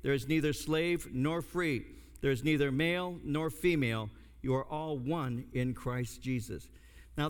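An older man, a pastor, preaching a sermon and telling a story with comic asides. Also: fairly high pitch. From United States. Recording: long hall reverb.

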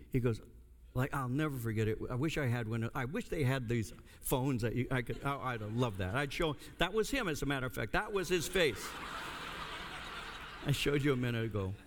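A man's voice: mid-range voice, brisk. Older male pastor, sermon, storytelling with humorous asides, echoing hall. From United States. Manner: storytelling with lively, comic asides. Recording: long hall reverb.

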